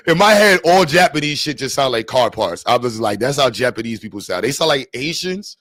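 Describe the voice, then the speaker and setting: A man's voice: medium pitch, animated, fairly quick, few pauses, a bit bright, dry recording, studio quality. Man rambling casually to his stream chat. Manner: rambling, profane, joking. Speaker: livestreamer.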